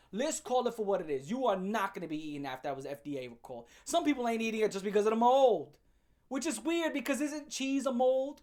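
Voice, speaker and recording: A woman's voice: fairly high pitch, darkish tone. A woman hosting a comedic commentary rant, blunt and profane with heavy slang. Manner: blunt, fast-shifting, heavy swearing and slang. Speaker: commentary channel host.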